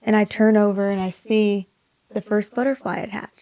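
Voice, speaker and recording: A young woman from Maui, a singer-songwriter, telling a personal story in an interview, soft-spoken and dropping to a hush for quoted thoughts. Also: medium pitch, steady tone, normal speed, no echo. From Maui, Hawaii.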